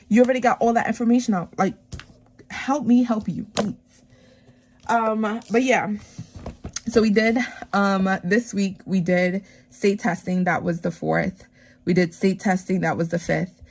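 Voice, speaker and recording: A woman talks casually to her viewers while she counts bills into savings envelopes. She is a teacher, and she retells her week in a chatty, animated way. Her speech is full of "like" and "um" fillers. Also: mid-range voice, a little hiss or hum. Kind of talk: casual chat while stuffing cash envelopes.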